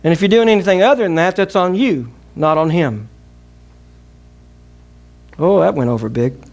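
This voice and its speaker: A man's voice: on the high side, moderate pace, creaky, a little mellow. Emphatic Southern man preaching a sermon. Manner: emphatic preaching with call-and-response. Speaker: pastor.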